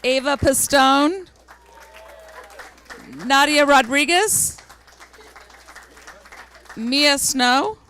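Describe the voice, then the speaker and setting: Woman, school board member, high voice, bright tone, earnest, careful name reading, faint crowd murmur. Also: slight background noise. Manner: earnest, reads names slowly and carefully. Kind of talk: presenting awards at a public meeting.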